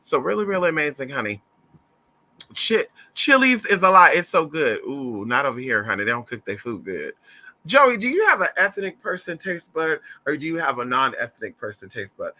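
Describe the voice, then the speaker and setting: A man from Southern Louisiana hosts a casual livestream, gossiping and storytelling with a campy, profane flair. His voice sits a touch high and carries a piercing brightness. It swoops widely as he calls his viewers honey. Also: sing-song, moderate pace. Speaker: livestream host reading chat.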